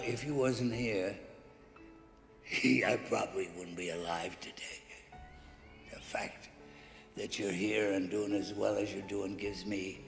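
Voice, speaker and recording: Mickey, a gravelly old trainer. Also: male voice, on the low side. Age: older. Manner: street slang, rough and blunt. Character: gruff old male boxing trainer, devoted mentor. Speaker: boxing trainer. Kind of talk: film drama acting. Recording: echoey room with score music.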